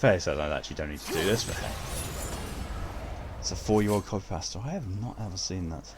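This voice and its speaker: A man casually chatting while streaming a game, relaxed and swearing now and then. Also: sits low, fast talker, noisy background. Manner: laid-back, swears casually. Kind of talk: casual gameplay commentary.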